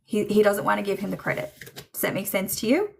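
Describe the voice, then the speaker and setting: A woman's voice: medium pitch, fast, vocal fry, breathy edge. A woman giving a medium reading on a livestream, chatty and hesitant, with lots of fillers and frequent laughter.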